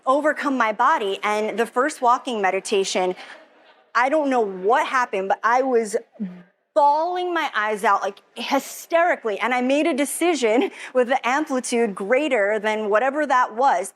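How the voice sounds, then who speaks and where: Young woman, higher voice, emotional first-person testimony, chatty and rambling. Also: normal speed. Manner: emotional, rambling, lots of "like" quoting herself. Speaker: testimonial speaker.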